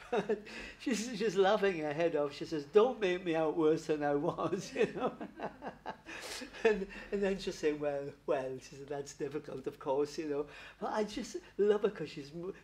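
Chatty medium calling people darling. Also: male voice, a little high, a little mellow, slight background noise. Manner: chatty, affectionate, laughing often, calls listeners darling. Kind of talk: spiritualist church platform reading.

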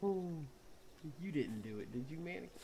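A man's voice: on the high side, expressive, moderate pace, vocal fry, slight background noise. Jumpy, swearing man playing a horror game. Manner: jumpy, swearing, nervous laughter, loud startled outbursts. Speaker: gaming YouTuber. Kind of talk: horror game let's play commentary.

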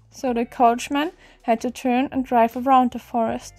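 A woman with a high, clear voice reads an old fairy tale aloud at a normal pace, in a gentle, even storybook style. Soft music plays faintly behind her.

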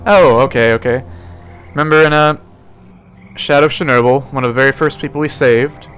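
A man's voice: medium pitch, a little fast, fairly bright tone, a little hiss or hum. A young man casually commenting while he plays a video game, rambling and joking, talking back to the characters on screen. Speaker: let's play host.

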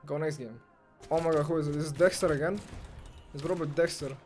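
Excitable young man commentating his gameplay. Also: on the high side, fast talker, faint music behind. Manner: excitable, swears, rants, swings from mumbling to yelling. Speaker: gamer streamer.

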